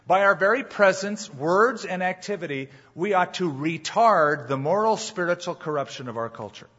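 Pastor preaching: emphatic man, slightly husky voice, muffled live church recording. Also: high voice, animated, normal speed, pushed and bright. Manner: emphatic, rhetorical questions to the congregation. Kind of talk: sermon.

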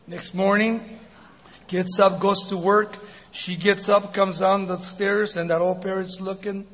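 A man in his sixties preaching as a guest speaker, telling a joke and then his life story, animated and laughing often. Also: high-pitched, measured pace, slight background noise. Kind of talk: sermon with jokes and testimony. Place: church sanctuary. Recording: dull recording in a big reverberant hall.

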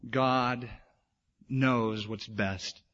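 A man preaching a sermon as pastor, lively and emphatic, acting out the voices of people in his stories. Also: mid-range voice, extremely slow. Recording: dull lo-fi sermon recording.

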